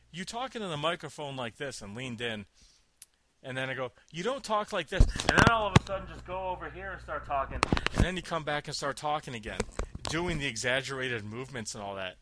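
A man's voice: mid-range voice, animated, fast, bright, forceful tone, a little hiss or hum. A man chatting casually on a podcast, telling a long story with laughs and acted-out quotes. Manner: rambling, laughing, acts out quotes.

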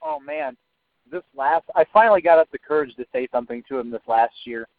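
A man's voice: fairly high pitch, wildly swooping pitch, brisk, vocal fry, dry recording. A man casually telling a story as a podcast co-host, swearing freely and saying "like" often. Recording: dry, narrow phone-like sound.

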